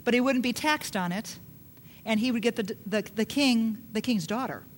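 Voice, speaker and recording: A woman preaches in a relaxed, conversational way. She reads scripture aloud and then retells it in plain words, often turning to her listeners with questions. Her voice sits a little high. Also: normal speed, slight background noise. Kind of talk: sermon with Bible reading.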